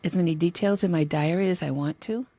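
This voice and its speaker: A woman's voice: lowish voice, quick pace, mellow. A middle-aged woman co-hosting a podcast, joking about her own forgetfulness and asking short questions. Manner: forgetful, self-mocking, asks short questions. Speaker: podcast co-host. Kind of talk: casual chat.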